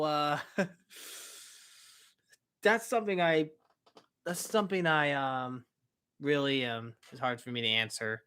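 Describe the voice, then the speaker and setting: A man's voice: fairly high pitch, pushed and bright, smooth. A young man hosting a casual live-stream Q&A, answering chat questions in an upbeat, rambling way with many fillers and self-corrections.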